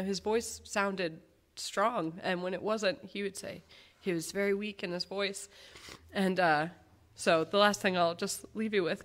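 A woman's voice: mid-range voice, a bit bright. Woman giving a heartfelt memorial tribute. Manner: heartfelt, halting personal storytelling. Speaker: granddaughter giving a eulogy.

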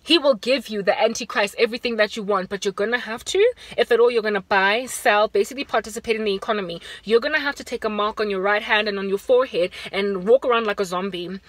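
A South African woman giving a fervent, preaching vlog monologue from inside a car, moving between urgent raised warnings and hushed appeals. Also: medium pitch, fast, hardly any pauses, no room sound. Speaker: Christian vlogger.

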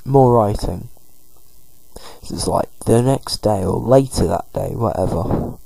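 A man's voice: lowish voice, a little slow, creaky, a little mellow, husky, no room sound, low-quality recording. A man giving a chatty, rambling walkthrough of a video game as its commentator.

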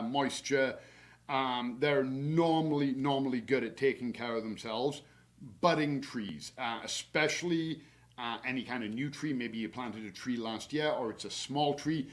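A man, a horticulturist, hosting a casual garden webinar, talking in a relaxed, chatty way with plenty of fillers and practical tips from his own yard. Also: medium pitch. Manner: chatty and relaxed, many fillers, laughs at himself.

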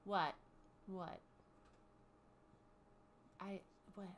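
A woman's voice: mid-range voice, expressive, normal speed, sharp tone, slight background noise. A woman running a tabletop game as game master, chatting casually with many ums and restarts.

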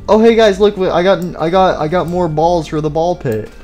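Young male gaming host, mellow tone, rambling and jokey, mock-serious eulogies, light music behind. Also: sits high, moderate pace. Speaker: gaming YouTuber. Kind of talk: gameplay commentary.

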